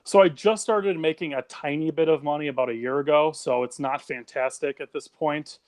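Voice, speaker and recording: A man's voice: on the high side, steady tone, normal speed, darkish tone, dry recording. A young adult man calling into a live show, chatting frankly and swearing casually. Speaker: guest caller. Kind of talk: casual chat.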